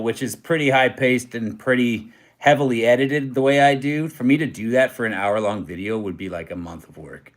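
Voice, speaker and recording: A man's voice: medium pitch, a bit bright. A young Canadian man hosting a true crime comedy channel, chatting loosely from a hotel room and reading viewer comments with lots of fillers. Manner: loose, self-deprecating, rambling with many fillers. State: tired. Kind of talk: casual livestream chat reading viewer comments.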